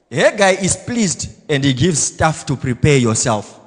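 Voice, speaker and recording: A man pastor preaching a blunt, self-assured sermon, swinging between loud exhortation and quiet asides. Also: on the high side, very animated, measured pace, slightly rough, long reverb tail. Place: church hall.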